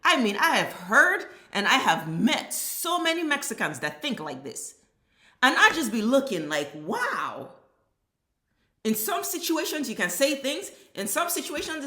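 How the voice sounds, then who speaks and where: A woman's voice: high-pitched, big pitch swings, moderate pace, bright, forceful tone, reverberant. A woman vlogger delivering a blunt, heated, profane commentary rant. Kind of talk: ranting social commentary.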